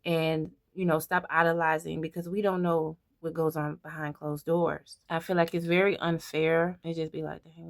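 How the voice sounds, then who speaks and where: A woman beauty vlogger talking to camera in a halting personal monologue, often repeating herself and trailing off. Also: low voice, dry recording, studio quality.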